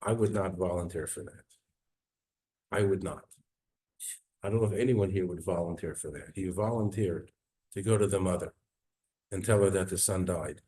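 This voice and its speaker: Rabbi, male, low mellow voice; earnest sermon storyteller, goes soft and quiet at grief. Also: moderate pace, long pauses. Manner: earnest, retells dramatic quotes, voice drops low and soft at sad moments. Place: synagogue.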